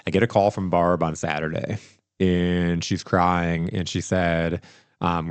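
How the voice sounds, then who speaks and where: A man hosting a podcast, telling a story in casual chat, animated and rambling with restarts. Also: sits low, moderate pace, smooth, no echo. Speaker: podcast host.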